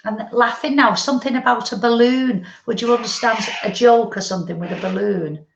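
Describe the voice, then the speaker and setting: A woman medium gives a live spiritual reading, her voice gravelly with fry. She relays messages gently and meanders, and the sound is dull and lo-fi in an echoey room. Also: fairly high pitch, fairly quick, slight background noise.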